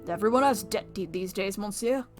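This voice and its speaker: A woman's voice: mid-range voice, fairly quick, over music, natural voice. A woman voicing a sly male fox thief in a visual novel, speaking in a theatrical, evasive manner. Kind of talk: reading a visual novel aloud.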